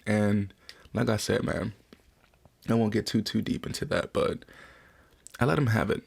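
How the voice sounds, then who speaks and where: Speaking casually and swearing freely, a podcast host in his twenties opens up emotionally about a personal story. His low voice has a gravelly edge and a darkish, steady tone at normal speed.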